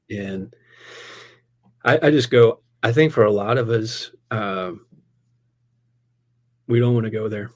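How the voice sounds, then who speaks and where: A man who is a pastor, telling a personal story in casual conversation. He is animated, laughs often and fills his speech with "like" and "man". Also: on the low side, takes it slowly, pauses often. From United States. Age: adult, a parent.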